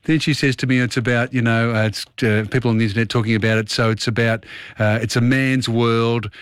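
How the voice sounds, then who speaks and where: A chatty man hosts a radio show and rambles casually through his thoughts. His voice sits at an ordinary pitch. It is recorded close and dry, with no room sound. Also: flat delivery, fairly quick, clean tone, no room sound. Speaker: radio host.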